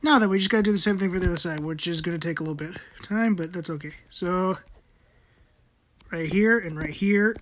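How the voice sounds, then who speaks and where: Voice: mid-range voice, a little fast, fairly bright tone. A person giving casual gameplay commentary, muttering to themselves while building and swearing often.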